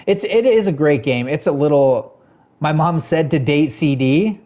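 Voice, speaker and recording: A man's voice: fairly high pitch, a little slow, a little mellow. A man streaming a video game, chatting casually with his viewers, greeting them and answering their messages with frequent laughs. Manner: chatty, laid-back, greets and answers chat, laughs often. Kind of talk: casual live-stream chat while gaming.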